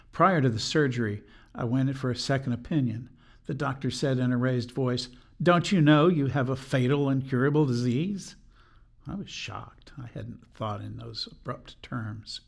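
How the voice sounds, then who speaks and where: A man's voice: medium pitch, vocal fry. Older man reading an earnest testimony. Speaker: podcast guest. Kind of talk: scripted personal testimony.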